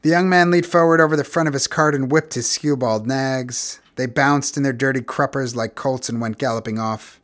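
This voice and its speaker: A male audiobook narrator gives a measured, expressive literary reading at a mid pitch. His delivery gradually grows quiet and somber.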